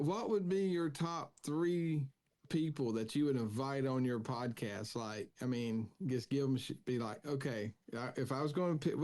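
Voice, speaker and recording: A man with a Southern American accent hosting a podcast, asking guests questions in a friendly, halting way. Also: medium pitch, darkish tone. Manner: friendly, halting with repeated words. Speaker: podcast host interviewing guests. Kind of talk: casual interview chat.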